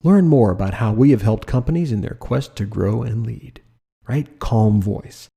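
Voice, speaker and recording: A man teaching a design lesson over slides, lively and emphatic, often asking the listener rhetorical questions. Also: fairly low pitch, moderate pace, creaky, husky. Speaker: design instructor.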